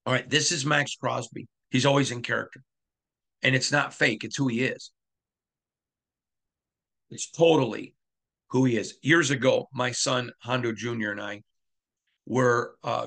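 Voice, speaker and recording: A man's voice: medium pitch, creaky, sharp tone. A middle-aged man hosting a sports podcast, talking in an emphatic monologue and repeating lines for effect. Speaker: podcast host.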